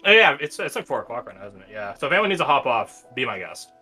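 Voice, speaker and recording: A man's voice: mid-range voice, very animated, fast talker, sharp tone, faint music behind. A young man running a tabletop game as game master, teasing and laughing often.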